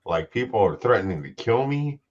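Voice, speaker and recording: Very deep-voiced man, dull muffled sound. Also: very animated, fairly quick, a little mellow. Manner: blunt, tough-talking. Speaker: podcast co-host. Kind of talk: casual chat.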